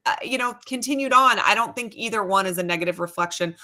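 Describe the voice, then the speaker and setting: Female sports-show host, bright voice, chatty, loose delivery over a video call. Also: mid-range voice, fast talker. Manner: conversational, frequent restarts and asides. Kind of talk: casual panel discussion.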